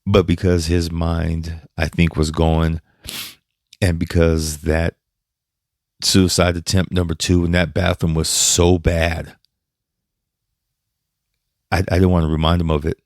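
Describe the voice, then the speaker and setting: A man hosting a podcast, telling a personal story in a halting, emotional way, with restarts and some swearing. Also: low-pitched, little pitch movement, a little mellow, no echo, clean studio sound. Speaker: podcast host.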